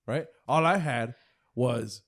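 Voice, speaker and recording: Podcast cohost dude, blunt, swears a lot, pokes fun at himself, mid pitch. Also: male voice, takes it slowly. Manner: blunt, swearing, self-mocking. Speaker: podcast co-host. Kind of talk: casual comedy podcast chat.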